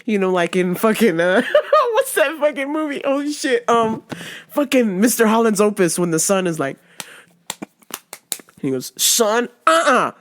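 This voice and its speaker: A woman's voice: on the high side, normal speed, a little hiss or hum. A woman hosting a podcast, telling a funny story in casual chat, laughing constantly and swearing freely. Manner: laughs constantly, profane, animated. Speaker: podcast host.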